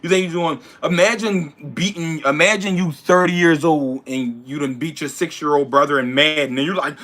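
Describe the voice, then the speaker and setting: A young man, a boxer casually answering viewer questions, swinging from loud incredulous ranting to low mumbled advice. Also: steady tone, normal speed, few pauses. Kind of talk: casual livestream chat.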